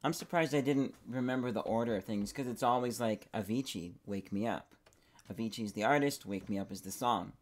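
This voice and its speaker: A man's voice: lowish voice, brisk. Rambling young man musing while gaming. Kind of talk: casual gaming commentary.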